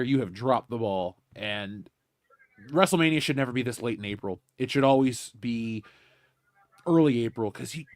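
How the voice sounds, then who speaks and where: Lively man complaining on a podcast. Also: mid-range voice, no echo. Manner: animated, mocking complaints with swearing. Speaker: podcast co-host. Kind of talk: casual chat.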